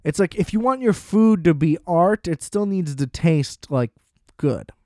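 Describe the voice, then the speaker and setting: A man's voice: fairly high pitch, lively intonation, unhurried, warm tone, no room sound, studio quality. Profane, sarcastic young man ranting. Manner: profane, sarcastic, mocking voices. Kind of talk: casual ranting chat.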